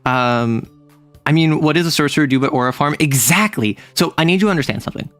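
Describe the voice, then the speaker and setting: Animated man chatting on stream. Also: fairly high pitch, quick pace, dry recording, faint music behind. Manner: animated, rambling storyteller who laughs often. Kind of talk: casual chat.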